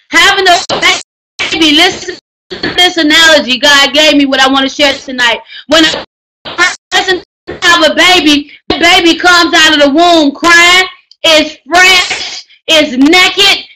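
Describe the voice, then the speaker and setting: A very high, bright-voiced woman coaching aspiring authors in a lively, sermon-like way, full of slang. She keeps raising her voice for emphasis. A faint hiss sits under the recording. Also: rough recording. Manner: emphatic, preachy, slangy, often shouting for emphasis. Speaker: writing coach teaching a book course. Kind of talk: energetic live class talk.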